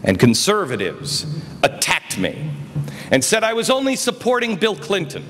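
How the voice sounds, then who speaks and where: High, lively man speaking in a hall. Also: moderate pace. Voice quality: emphatic, swings from low to loud. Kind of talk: political speech. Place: conference hall. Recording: reverberant hall, faint noise.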